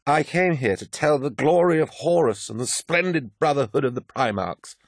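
A man's voice: on the high side, animated, moderate pace, dry recording, studio quality, voice pushed up. A man voicing a cultured, badly drunk woman writer who slurs her words in a storybook reading. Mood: drunk bitter. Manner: slurred, drunken.

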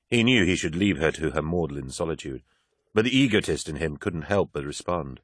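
An audiobook narrator reads a novel aloud from a script in a very low voice, keeping his delivery measured and even. The recording is dry and close, with no room sound behind it.

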